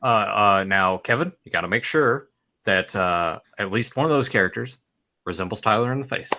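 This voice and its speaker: A man's voice: fairly low pitch, sharp tone. A man co-hosting a podcast, chatting casually and teasing the others. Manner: teasing, quick to laugh. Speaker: podcast co-host. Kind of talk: casual chat.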